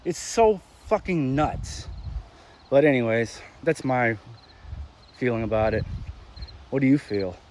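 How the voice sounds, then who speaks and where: A young man delivering a crude, sarcastic comedic rant, exasperated and animated, with sudden loud spikes. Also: medium pitch, a little slow, pauses often, slight background noise. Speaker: ranting commentator.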